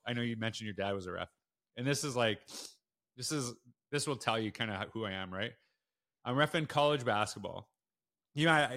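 As a guest on a podcast interview, a school principal tells casual stories in a bright voice. He's animated, acting out quotes with big leaps in pitch.

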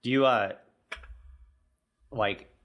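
A man's voice: medium pitch, extremely slow, muffled recording. A man co-hosting a podcast, chatting casually and animatedly, with loose phrasing and trailing sentences. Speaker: podcast co-host. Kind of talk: casual conversation.

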